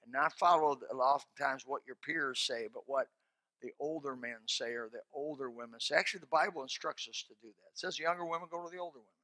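A man preaching a sermon in a folksy, colloquial way, breaking into sudden shouts. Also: mid-range voice, quick pace, no echo. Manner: folksy and animated, bursting into shouts; plain colloquial speech. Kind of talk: sermon with closing prayer.

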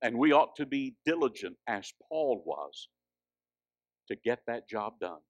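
A man preaching a sermon, swinging from hushed, drawn-out lines to loud, high exhortation. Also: sing-song, no room sound.

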